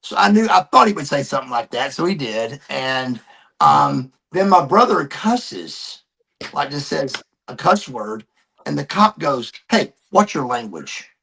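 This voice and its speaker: A man's voice: fairly high pitch, sing-song, measured pace, creaky, pushed and bright. A man, a podcast guest animatedly telling a personal story and calling people brother. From Georgia, USA.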